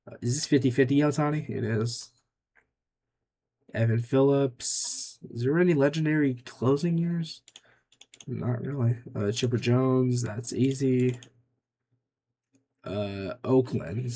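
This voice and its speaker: A man's voice: medium pitch, measured pace, warm tone. A young man giving casual gameplay commentary, muttering offhand, dry remarks to himself as he makes picks. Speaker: gaming YouTuber.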